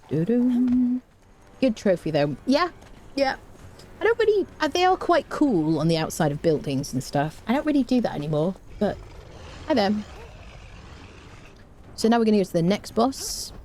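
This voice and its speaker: A woman's voice: medium pitch, very animated, normal speed, long pauses, dark tone, slight background noise. A woman hosting a let's play, chatting casually as she plays and humming little tunes between remarks. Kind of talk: casual gameplay commentary.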